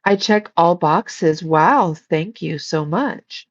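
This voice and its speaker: A woman's voice: fairly low pitch, takes it slowly, lo-fi sound. A woman hosting a casual livestream, chatting and giggling as she reads viewer comments. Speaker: psychic livestream host.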